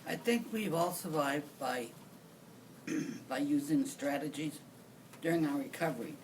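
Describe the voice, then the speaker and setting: A man moderates a discussion panel, speaking slowly and briefly. He sits some way from the mic, and clear room noise comes through. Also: on the high side, distant mic, rough recording.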